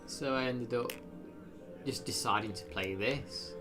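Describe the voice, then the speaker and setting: A man chats loosely through a live gameplay stream, drifting between thoughts with plenty of fillers and half-finished lines. His voice sits at an everyday pitch for a man. Faint music plays underneath. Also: a little slow. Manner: rambling, self-deprecating, frequent fillers.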